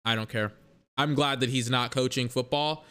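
A man's voice: medium pitch, fairly even intonation, moderate pace, sharp tone, smooth. A young man in a casual, rambling sports rant that is profane and full of self-corrections.

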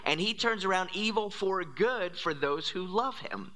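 Pastor, male, bright clear tone; preaches with dramatic hushed whispers and sudden fast bursts. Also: high voice, expressive. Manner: sudden quick, rising bursts. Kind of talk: sermon.

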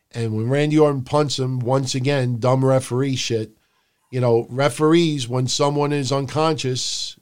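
A man co-hosting a wrestling podcast, recapping the show in casual, profane chat and shouting out quotes in a high voice. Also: clean tone. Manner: animated, profane, mimics people in loud high shouts. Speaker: podcast co-host.

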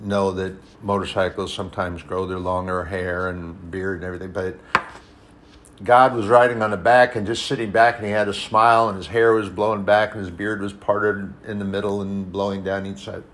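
A man preaching a sermon, telling personal stories, swinging between hushed and loud, emphatic passages. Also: low voice, level tone, normal speed, slight background noise. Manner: storytelling, personal anecdotes.

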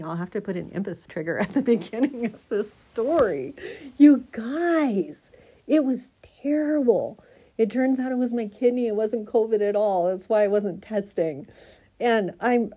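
Tired woman from Oregon, chatty vlog storyteller, keeps cracking up, mellow dark tone. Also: medium pitch. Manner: laughing often, rambling and self-mocking. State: tired and stressed. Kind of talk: casual storytelling to viewers.

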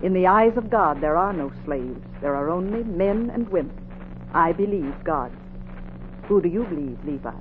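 An actress playing a steady, devout Quaker woman who shelters runaways, speaking firmly in an old radio drama. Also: fairly low pitch, normal speed, natural voice. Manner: steady, firm, righteous. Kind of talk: 1950s radio drama acting. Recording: tinny old radio recording with hiss.

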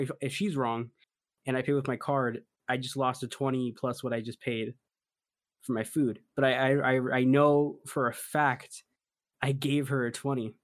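A man's voice: mid-range voice, no echo. Young male podcast host, casual storyteller, dry close sound. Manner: animated storyteller, rising to laughing disbelief.

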